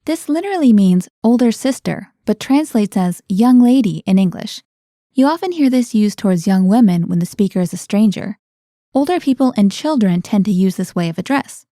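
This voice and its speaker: A woman hosting a scripted language-lesson podcast, explaining words clearly and prompting her co-host with questions. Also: medium pitch, mellow, no echo, clean studio sound.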